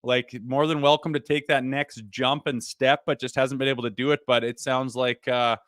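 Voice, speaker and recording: A man's voice: mid-range voice, level tone, normal speed, fairly bright tone, no room sound, clean studio sound. A man co-hosting a casual sports talk show, blunt and opinionated, swearing freely as he rants. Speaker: podcast co-host.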